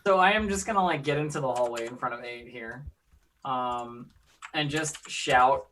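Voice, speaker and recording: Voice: mid-range voice, normal speed. A player in a tabletop game, talking boldly and playing their character. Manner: bold, shouts in character.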